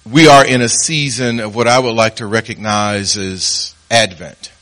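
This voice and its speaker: A man's voice: steady tone, measured pace, fairly bright tone. A man preaching as pastor, telling a story and acting out its voices. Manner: storytelling, acts out voices with rising pitch. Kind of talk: sermon with a told joke.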